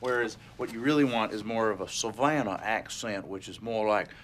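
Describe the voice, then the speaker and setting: A man's voice: lowish voice, moderate pace, a bit bright, a little hiss or hum, close to an everyday voice. A man in a sitcom, an office worker talking in a goofy, rambling, eager way. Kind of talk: sitcom dialogue and to-camera asides.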